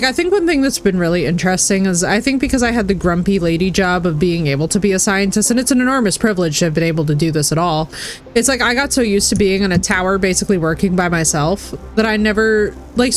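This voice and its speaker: A woman in her thirties chatting casually while streaming a game, animated and talkative. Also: mid-range voice. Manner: chatty, animated, slips into put-on voices. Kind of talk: casual chat while gaming.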